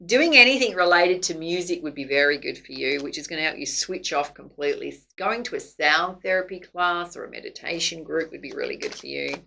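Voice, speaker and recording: A woman's voice: low voice, lively intonation, brisk, vocal fry, hardly any pauses, pushed and bright, slight background noise, low-quality recording. A woman doing a casual tarot reading to camera, chatty and laughing often. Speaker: psychic tarot reader.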